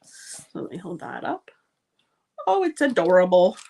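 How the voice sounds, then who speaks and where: A woman's voice: fairly low pitch, huge pitch swings, measured pace, creaky, dark tone, slight background noise. A woman hosting a live card-making demonstration, chatty and gushing, with frequent ums as she works. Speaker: card-making channel host.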